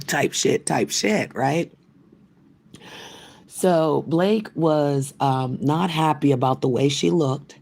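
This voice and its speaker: Casting: older woman streamer, raspy, gravelly, swears a lot and rambles. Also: rumbling low, moderate pace, a little mellow. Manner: profane, trash-talking, loose and rambling. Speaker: livestream host. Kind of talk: ranting live stream chat.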